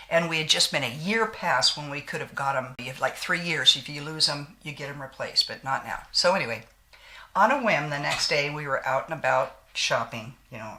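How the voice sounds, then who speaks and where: A woman in her sixties chats away as she does her makeup, trading homespun stories and sayings with a slight lingering cough. Her voice sits low but has a bright, forceful edge to it. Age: 60s. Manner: chatty storyteller with frequent laughs and folksy sayings. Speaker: beauty vlogger. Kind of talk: casual chat while doing makeup.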